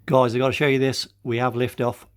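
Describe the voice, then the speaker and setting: An older man, a car restoration vlogger, narrates his own repair work in a casual workshop video, out of breath and calling his viewers "guys." His mid-range voice is level and brisk, and his chatty talk is full of "uh" fillers.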